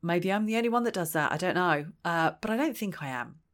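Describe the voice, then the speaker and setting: A woman's voice: on the low side, expressive, fast talker. A woman giving a chatty, reflective solo talk as a parenting practitioner, thinking aloud and acting out quoted lines.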